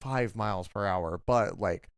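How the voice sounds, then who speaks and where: A young man co-hosts a late-night podcast, chatting casually and rambling through his stories with lots of filler and swearing. His voice sits low and comes through smooth and resonant. The close mic keeps it dry, with no room sound. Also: a little slow, no room sound. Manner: rambling storytelling full of "like" and swearing. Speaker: podcast co-host.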